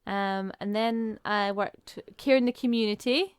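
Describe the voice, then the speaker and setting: A woman chats casually on a podcast, briskly listing things off. Her voice is smooth and clear at a middle pitch, recorded dry. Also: no echo. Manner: chatty, listing things briefly. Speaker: podcast co-host. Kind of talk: casual chat.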